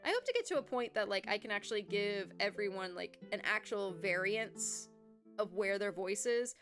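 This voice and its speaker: Wrapping up her stream with faint music behind her, a young adult woman chats animatedly in a mid-range voice at normal speed. The outro is casual, and she keeps laughing at herself.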